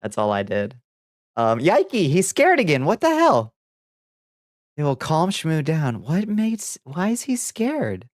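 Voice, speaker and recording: His pitch sits on the high side and swoops wildly as he talks a little slowly. It's a casual livestream chat, with the man laughing often and swearing offhandedly at viewers, captured at studio quality with no room sound.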